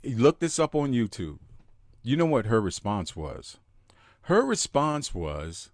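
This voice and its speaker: Slow, emphatic man hosting a live podcast. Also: medium pitch, very animated, no room sound, studio quality. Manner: emphatic, greets listeners in chat by name. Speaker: podcast host.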